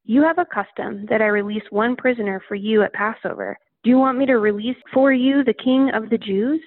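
A stern male Roman governor, read by a woman in a scripture reading, measured and questioning. The voice sits fairly high with a gravelly edge. It comes through a tinny, phone-like line with a dry sound. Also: no echo.

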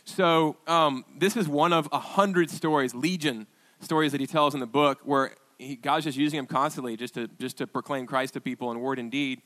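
A man preaching a sermon as pastor, telling stories in a chatty, halting way with restarts and quoted dialogue. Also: medium pitch, steady tone, a bit bright. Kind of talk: conversational sermon storytelling.

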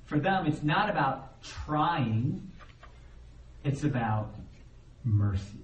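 Animated male pastor in an echoey church. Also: a little high, slow. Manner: conversational, animated preaching with acted-out voices. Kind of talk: sermon. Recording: roomy echo, heard from a distance, faint background noise.

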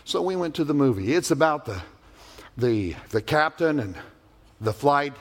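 A male pastor delivers an emphatic, animated sermon. His voice sits a bit higher than most men's, and he tells his stories vividly, with playful sound effects. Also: moderate pace.

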